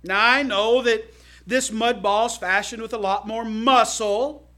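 A man preaching a sermon to his church in a folksy, emphatic way, swinging between loud calls to the congregation and quiet asides. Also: high-pitched, steady tone, slow. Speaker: pastor.

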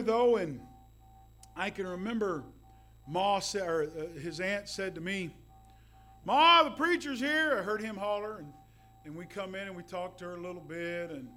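A man's voice: sits high, normal speed, soft background music. A man preaching a sermon, telling folksy stories with asides. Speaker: pastor.

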